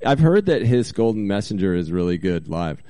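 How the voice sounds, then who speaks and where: A man with a low, mellow voice chats casually as a podcast co-host, rambling and restarting his sentences with plenty of fillers. His voice is smooth and full. The recording is dry, with no room sound. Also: big pitch swings, normal speed, dry recording. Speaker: co-host reading listener texts. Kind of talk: casual chat.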